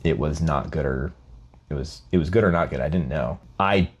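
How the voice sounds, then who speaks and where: A man with a very low voice talks through his past in a relaxed podcast chat. He is reflective and unhurried. He comes from Scotland. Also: breathy edge, lo-fi sound. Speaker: podcast co-host and guest. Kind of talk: casual podcast conversation.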